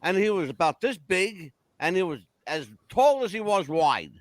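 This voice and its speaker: Male host, jokey and folksy, high animated delivery. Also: moderate pace, no echo. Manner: folksy, joking, rambling questions. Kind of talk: casual talk interview.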